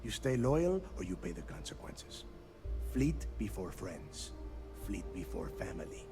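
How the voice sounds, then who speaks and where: A man's voice: lowish voice, very animated, a little slow, gravelly, dark tone, exaggerated voice. A man voicing a stern, menacing pirate fleet leader in a video game, giving commanding and threatening warnings. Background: game music.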